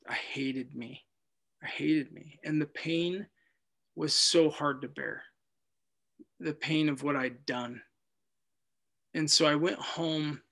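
Man, slightly higher register, gravelly; earnest halting testimony. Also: bright, forceful tone. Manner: earnest, halting, with many restarts. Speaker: guest telling his life story. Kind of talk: personal testimony.

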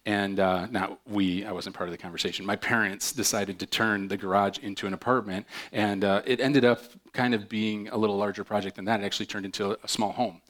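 Pastor guy preaching, lowish voice, chatty and upbeat, cracks little jokes. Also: fairly even intonation, a little fast, few pauses, fairly bright tone. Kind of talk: sermon.

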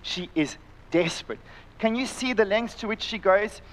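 Impassioned higher-voiced pastor. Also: male voice, moderate pace, low-quality recording. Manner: impassioned, acts out voices in the story, drops to quiet intensity. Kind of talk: sermon. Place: church, live-streamed service.

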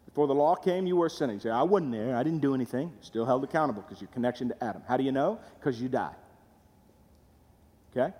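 Man preaching, high voice, lively pitch, conversational, asks the crowd questions, long hall echo. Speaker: pastor. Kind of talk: sermon.

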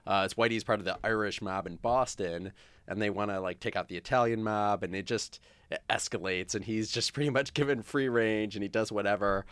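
A man with a lowish voice hosts a relaxed movie discussion, tossing questions to his co-hosts and laughing easily. The sound is dry and close, with no room around it. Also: fairly quick, smooth, dry recording. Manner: chatty, laughs often, leads the discussion with questions. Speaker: podcast host. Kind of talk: casual movie review chat.

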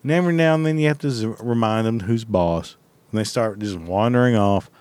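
A man's voice: on the low side, fairly quick, darkish tone, clear, resonant tone, no room sound. A man telling a rambling story in a blunt, heavily profane, casual way.

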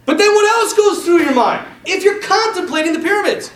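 A man's voice: very high-pitched, brisk. A man who is a Catholic priest, talking casually to a group and telling a story with lots of laughter and acted-out quotes. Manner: animated, laughs often, acts out quotes. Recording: roomy hall, distant mic.

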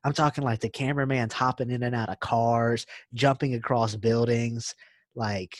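A man's voice: mid-range voice, fairly even intonation, normal speed, dry recording. A young man co-hosting a podcast, chatting casually and eagerly retelling movie scenes, saying "dude" a lot. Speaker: podcast co-host. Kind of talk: casual chat.

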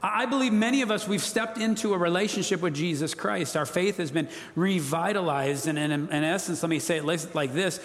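A pastor preaches in earnest, pressing his points and having the room repeat key phrases. His voice sits fairly high for a man. The sound rings out with the long reverb of a church hall. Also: moderate pace, few pauses. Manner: earnest, emphatic, leads congregation call-and-response. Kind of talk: sermon. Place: church sanctuary.

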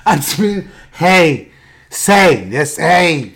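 A man tells a story in casual chat. He is animated and bursts into loud acted-out quotes. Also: a little high, very slow, slightly rough. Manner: animated, acts out quoted voices loudly.

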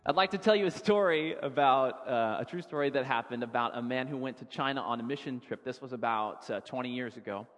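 A man preaching a sermon as a pastor, telling a story in a relaxed, conversational way and often repeating words as he goes. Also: medium pitch, a little fast, few pauses, faint music behind. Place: church sanctuary. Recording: long church-hall reverb.

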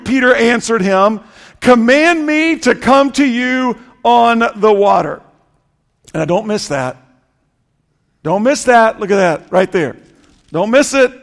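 A male pastor preaching with a very high, gravelly voice that he delivers slowly and deliberately. He swings between loud, rising emphasis and hushed, low stretches. His voice rings through a large hall with long reverb. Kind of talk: sermon. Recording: echoey hall.

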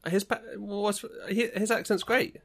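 A man co-hosting a podcast in casual chat, relaxed, teasing and full of questions. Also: sits high, a little slow, vocal fry. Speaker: podcast co-host.

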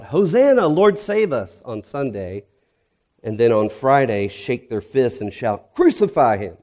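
Low-voiced, mellow male pastor preaching. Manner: earnest, reflective preaching that drops soft on heavy moments. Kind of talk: sermon.

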